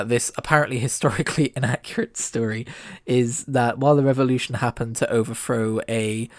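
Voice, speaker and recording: A man's voice: medium pitch, no echo, studio quality. Jokey, self-deprecating male reviewer. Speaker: video reviewer. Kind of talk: casual commentary.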